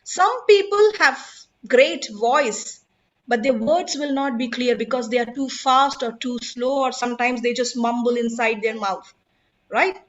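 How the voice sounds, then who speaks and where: A woman's voice: fairly high pitch, a little slow, a bit bright, dull audio. A woman, teaching public speaking in an emphatic, instructive way and putting questions to her audience. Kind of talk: online workshop talk.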